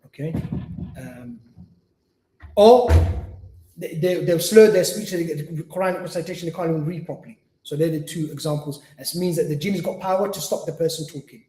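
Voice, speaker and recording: At an Islamic centre, a man delivers an earnest lecture, repeating his points and acting out what patients say. His voice is fairly high, brisk and warm, with a roomy echo in the recording.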